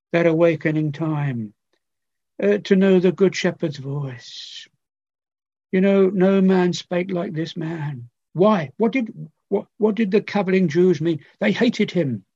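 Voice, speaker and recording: Slow, earnest older man preaching. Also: high voice, warm tone, dry recording. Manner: slow, earnest pleading with repeated phrases and many pauses. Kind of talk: sermon. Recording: dull lo-fi recording.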